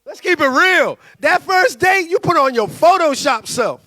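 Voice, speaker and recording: A male pastor, preaching a sermon in an animated way and acting out quoted voices. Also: very high voice, a little slow. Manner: animated, acts out quoted voices, loud bursts.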